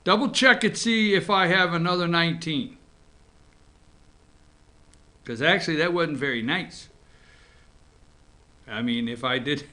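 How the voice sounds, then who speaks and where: A man's voice: on the high side, pushed and bright. A man hosting a casual morning show from an office, joking around and talking to his crew. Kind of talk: casual talk-show commentary.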